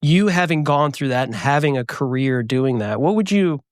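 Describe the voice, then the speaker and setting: A man's voice: mid-range voice, expressive, moderate pace, no room sound, clean studio sound. Rambling, filler-heavy man host. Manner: rambling, hesitant, many fillers. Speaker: podcast host. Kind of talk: casual interview chat.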